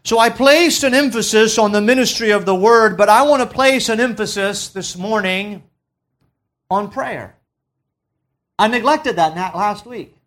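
A man preaching a sermon as pastor of his church, reading scripture aloud and stressing key words by slowing down and dropping his voice low. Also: a bit bright. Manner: reads scripture in King James wording.

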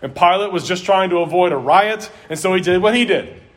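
A man preaching a sermon in an earnest style, slowing down and dropping his voice for emphasis. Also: high-pitched, fairly bright tone. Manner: earnest preaching, varies pace and volume for emphasis. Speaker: pastor.

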